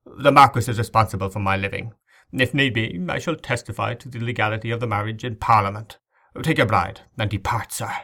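A man's voice: lowish voice, fairly even intonation, a little fast, bright, forceful tone. A man playing a terrified, pompous old bishop in a storybook reading, crying out in fear.

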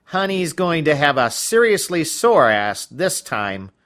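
A man voicing a weary woman dominatrix who gives loud, curt commands. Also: on the high side, big pitch swings, measured pace, pitched above the performer's own voice. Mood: commanding.

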